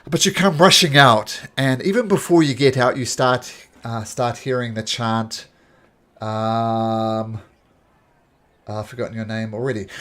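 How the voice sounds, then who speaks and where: A man's voice: medium pitch, fairly bright tone. A man narrating as a tabletop game master, rambling with many fillers.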